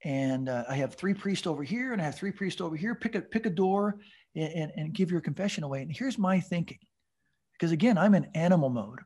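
A husky-voiced man in his fifties, appearing as a podcast guest, shares a recovery testimony story. His pitch runs a little high and his brisk, animated delivery tumbles along, with stammered repeated words and bursts of laughter.

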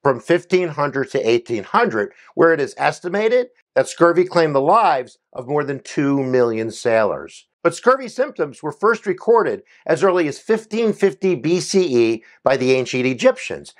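Man, history teacher, animated pitch, energetic, playful asides, quick explainer. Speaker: history educator.

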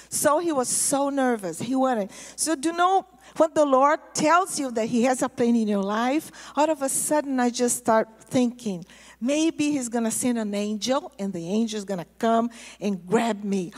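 A woman pastor telling a testimony in a sermon, storytelling in a lively way and repeating words for emphasis. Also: on the high side. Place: church sanctuary. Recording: long hall reverb in a church.

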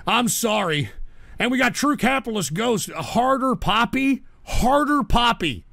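Man, sick, livestream host, high gravelly voice, wildly swinging pitch, dry close sound. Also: very animated, measured pace, dry recording. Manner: exasperated, shouts at trolls, swears. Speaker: livestream talk show host. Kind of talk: casual livestream rant.

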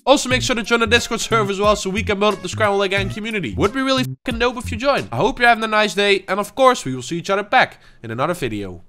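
Young male gaming host, animated and frustrated, mutters and shouts, light music underneath. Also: high-pitched, rapid-fire, hardly any pauses. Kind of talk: gameplay commentary.

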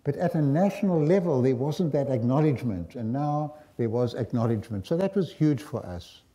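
An older man with a South African accent, giving a lecture as a guest speaker and telling personal stories in a reflective, wry way with frequent pauses. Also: mid-range voice, animated, mellow, husky. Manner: reflective, wry, pausing often. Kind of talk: storytelling lecture.

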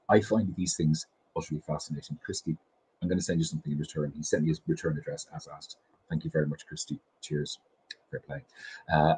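A man's voice: low voice, darkish tone, husky, rough recording. A middle-aged Irish man hosting a casual chat show from his kitchen in a chatty, self-deprecating way. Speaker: host. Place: home kitchen.

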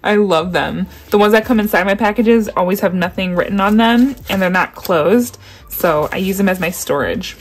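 A young woman vlogger chatting excitedly through an unboxing. She gasps often and keeps saying how much she loves each item. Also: mid-range voice, normal speed. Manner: gushing, gasping, repeats "oh my gosh".

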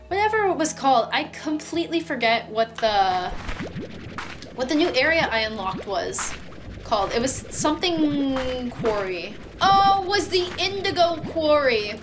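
A young woman with a fairly high voice talks her way through a video game, chatty, playful and quick to mock herself. She chatters to the little creatures on screen. Upbeat game music plays clearly behind her. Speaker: gaming YouTuber. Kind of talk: casual let's-play commentary.

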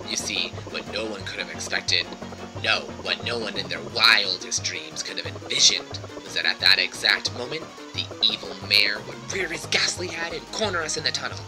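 A man playing a grandiose, self-important male storyteller in a video game, spinning hushed and then booming tales of his own heroics. His delivery swoops widely in pitch, and game music runs underneath. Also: animated, moderate pace, poor audio. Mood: hushed dramatic. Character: pompous long-winded adventurer storyteller, male.

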